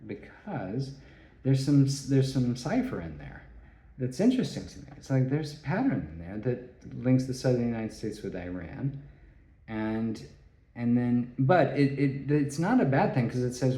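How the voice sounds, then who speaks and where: A man giving a rambling solo talk, halting and restarting his phrases. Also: medium pitch, lively intonation, dark tone. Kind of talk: rambling spoken monologue. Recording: echoey room.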